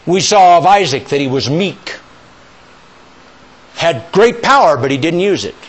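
A man preaching a sermon, emphatic and rising to near-shouts, leading call-and-response with his congregation. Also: fairly high pitch, big pitch swings, unhurried.

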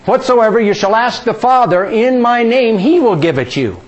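A male preacher giving a sermon, questioning the congregation and drawing answers, dropping soft and low on key words. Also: animated, normal speed, highs cut off.

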